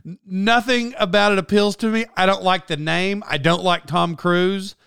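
A man's voice: sits high, fairly even intonation, moderate pace, gravelly, fairly bright tone, clear, resonant tone, no echo, studio quality. A man on a rambling comic rant, sarcastic and often cutting himself off to restart. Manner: sarcastic, self-interrupting, stumbling restarts. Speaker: comedic commentator.

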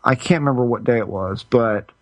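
Talking fairly quickly in a mid-range voice, a middle-aged podcast co-host tells a story casually and in a roundabout way. He keeps interrupting himself to restart sentences, captured in a dry recording.

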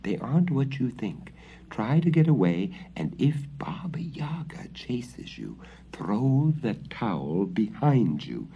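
A sly, thin cat servant murmurs her advice in a soft, whispery hush, as a man puts her on. The voice is husky and dark, and it drops to a breath on some words. The recording is dull and lo-fi. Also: deep voice, big pitch swings, takes it slowly, heavily acted. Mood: hushed conspiratorial.

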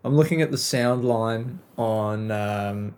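A young man hosting a podcast, ranting with lots of swearing and loud outbursts into a clipping home mic. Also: lowish voice, slow, clean tone. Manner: profane, animated ranting, frequent yelling. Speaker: podcast host. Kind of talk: casual solo rant. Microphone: home mic recorded into laptop software, clipping.

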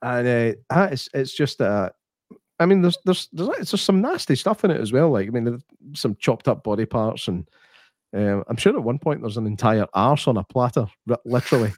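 A man's voice: medium pitch, normal speed, no room sound, studio quality. A Scottish man co-hosting a podcast, swearing freely and acting out quotes as he tells stories in casual chat. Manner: sweary, animated storyteller who acts out quotes. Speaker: podcast co-host.

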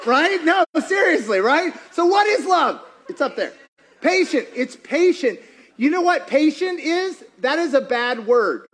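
Pastor guy preaching, super high voice, playful, keeps quizzing the crowd. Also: unhurried. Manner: animated, asks the crowd many questions; playful, acts out quoted voices. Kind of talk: sermon.

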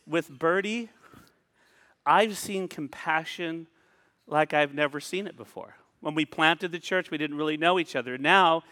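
A male pastor preaching a sermon in a conversational way, pausing and repeating phrases for emphasis. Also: on the high side, a bit bright. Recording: long hall reverb.

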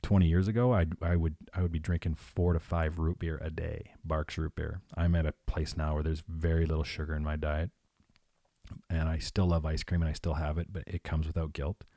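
A man's voice: extremely low pitch, little pitch movement, brisk, mellow, no echo, clean studio sound. A man in his forties, a coach, talking earnestly and reflectively as an interview guest, often restarting his phrases. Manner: reflective, earnest, repeats himself. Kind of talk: conversational interview.

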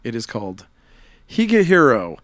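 A man's voice: mid-range voice, huge pitch swings, moderate pace, fairly bright tone, no room sound, clean studio sound. A man with a Chicago accent, hosting a casual chat and reading through new comic releases with frequent laughs. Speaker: comic shop podcast host.

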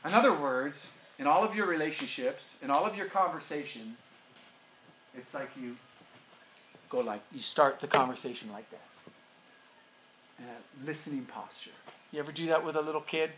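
A middle-aged man preaching a sermon as pastor, animated and joking, often laughing. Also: fairly high pitch, normal speed, long pauses. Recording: roomy echo, faint room noise.

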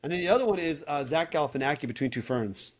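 A man co-hosting a podcast in casual chat, animatedly recommending comedy shows. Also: a little high. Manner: animated, retells comedy bits with quick acted quotes. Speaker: podcast co-host.

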